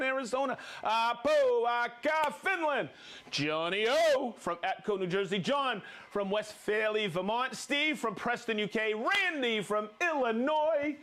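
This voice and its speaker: A high-voiced man hosts a live stream, calling out viewers one after another with jokes and whoops. His pitch swings widely and lively, and his delivery stays upbeat and playful. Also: unhurried. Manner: upbeat, jokey, reads viewer names with whoops. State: recovering from a cold. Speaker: livestream host.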